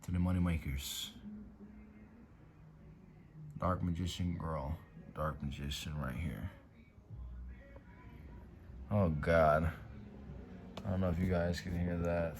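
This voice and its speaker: A man's voice: sits low, takes it slowly, vocal fry, long pauses, slight background noise. A man hosting a casual card-collection vlog at home, talking in a laid-back, slangy way with some swearing, and now and then dropping to a whisper over a card. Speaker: YouTube card-collection host. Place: room at home by a window.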